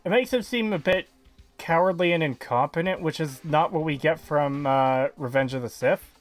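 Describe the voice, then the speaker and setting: A man's voice: a little high, moderate pace, soft background music. A man chatting casually on a gaming stream, arguing his points with frequent swearing. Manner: argumentative, profane.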